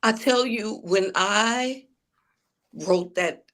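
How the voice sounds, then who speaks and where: A woman's voice: mid-range voice, very slow, a bit bright. A woman, an author and preacher, telling her story in a preachy way and calling out to the crowd. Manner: preachy, addresses audience as y'all. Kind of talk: testimony-style interview talk.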